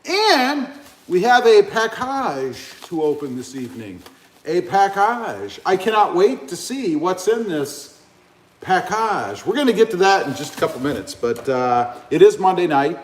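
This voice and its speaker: A man's voice: measured pace, slight background noise. A man hosting a casual live stream, rambling and joking as he reads out comments. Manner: rambling, joking, lively pitch swings. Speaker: livestream host. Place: indoor room, 88 degrees. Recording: echoey room.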